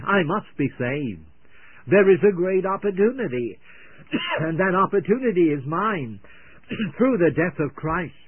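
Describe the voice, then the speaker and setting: A husky-voiced man preaches slowly and fervently, his pitch sweeping up and down as he pleads with listeners. The sound is thin and tinny, like an old radio broadcast. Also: dry recording. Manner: fervent, pleading, measured and oratorical. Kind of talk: evangelistic radio sermon.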